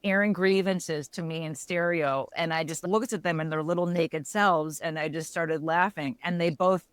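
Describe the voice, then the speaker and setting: A woman's voice: sits low, fairly even intonation, moderate pace, clear, resonant tone, no room sound. Chatty woman podcast co-host, dry sound. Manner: chatty, laughs while telling stories, self-correcting. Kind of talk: casual chat.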